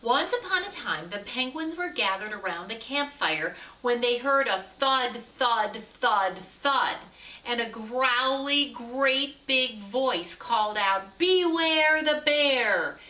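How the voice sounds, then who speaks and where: A woman's voice: a little high, expressive, slow pace, pushed and bright, full character voice. Woman playing a goofy cheerful penguin. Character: quirky oddball male penguin, cheerful and greedy for sweets. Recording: echoey room, far from mic.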